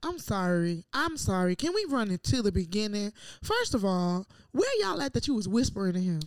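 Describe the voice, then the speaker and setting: A woman's voice: medium pitch, dry recording. Woman, sassy casual chat, co-host, dry close sound. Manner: animated, sassy, quick comebacks. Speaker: podcast co-host.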